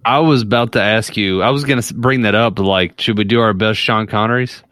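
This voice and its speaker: Low-voiced guy co-hosting, rambly and chuckling, dry close sound. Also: steady tone, a little fast, fairly bright tone, dry recording. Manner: rambling, lots of fillers and laughs. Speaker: podcast co-host. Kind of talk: casual chat.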